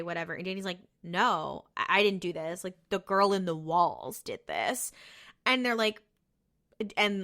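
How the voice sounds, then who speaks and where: A woman's voice: mid-range voice, sharp tone. A woman co-hosting a podcast, casually recapping a TV episode, chatty and cursing freely as she quotes the characters. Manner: chatty, swears freely, retells scenes with quoted voices. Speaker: podcast co-host.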